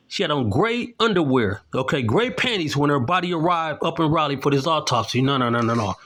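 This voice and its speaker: Middle-aged man, raised pitch, emphatic vlogger cadence, pointed and insistent, checks in with "okay?". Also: lively intonation, normal speed, a bit bright. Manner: indignant, accusatory, keeps tagging "okay?"; explains while showing documents to the camera. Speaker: independent video commentator. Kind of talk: emphatic on-camera commentary.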